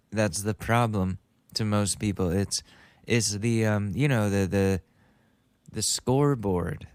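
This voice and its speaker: A man's voice: on the low side, slow, long pauses, a little mellow, clear, resonant tone, no room sound. A young man hosting a podcast, riffing casually and joking about a clip he is playing. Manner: rambling, joking, laughs at own bits. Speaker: podcast host. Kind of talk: casual comedic commentary.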